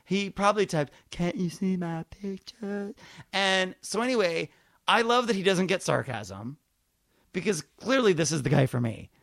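A man hosting a show, telling a story in a casual, animated and profane way. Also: high voice, normal speed, vocal fry, dry recording. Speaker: podcast host. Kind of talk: casual chat.

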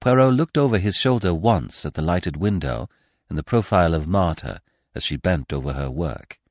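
A man reads a classic mystery aloud in a measured, expressive way. His voice sits fairly low and moves freely up and down, recorded dry and close. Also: dry recording. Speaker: podcast narrator. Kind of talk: audiobook reading of a classic mystery.

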